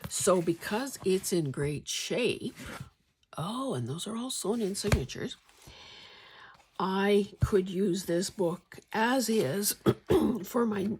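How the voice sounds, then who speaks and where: A woman vlogger chatting casually about her finds in a wry, meandering way, often clearing her throat. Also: medium pitch, lively intonation, slow, darkish tone, slight background noise. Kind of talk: casual show-and-tell chat.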